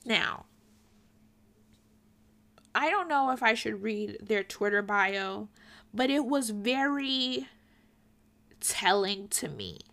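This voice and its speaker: Slow, earnest young woman lecturing. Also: medium pitch, lively intonation, vocal fry, fairly bright tone. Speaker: commentary vlogger. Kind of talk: opinion commentary to camera.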